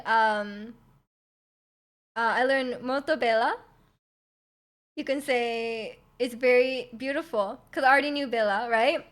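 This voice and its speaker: High-voiced rambling young Canadian woman. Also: a bit bright. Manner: rambling, many likes and ums, giggly. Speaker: streamer. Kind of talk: casual chat.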